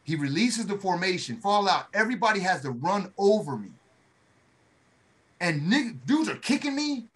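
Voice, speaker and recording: A middle-aged man telling a story in a casual chat, animated and acting out the voices of the people he quotes. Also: high-pitched, moderate pace, a little hiss or hum. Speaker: podcast co-host, Army veteran.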